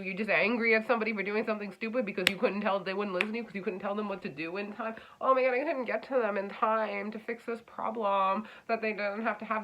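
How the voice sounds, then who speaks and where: A woman's voice: medium pitch, rough recording. Blunt, fiery woman giving an astrology reading. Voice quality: blunt, swings from hushed to loud and emphatic. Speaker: astrology reader. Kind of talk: casual spoken astrology reading.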